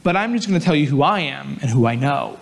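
A pastor acting out an eager young evangelist, a man who talks in a plain, casual, earnest way, as if thinking aloud. The voice sits fairly high. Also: lively intonation, quick pace, gravelly. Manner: casual, talking to himself.

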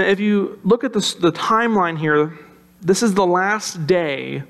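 A man with a high voice preaches a sermon. He talks conversationally and tells the story with animation. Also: a bit bright. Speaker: pastor.

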